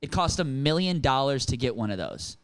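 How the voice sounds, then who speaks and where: A man co-hosting a podcast in casual chat, telling stories and acting out shouted quotes. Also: medium pitch, normal speed, clear, resonant tone. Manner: animated storyteller, acts out shouted quotes. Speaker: podcast co-host.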